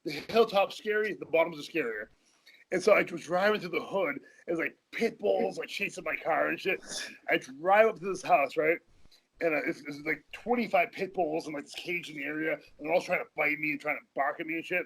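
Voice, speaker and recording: A man's voice: fairly high pitch, brisk, gravelly, fairly bright tone, breathy edge, rough recording. A man telling rambling, profane stories as a guest in a casual interview, often laughing mid-sentence. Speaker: podcast guest.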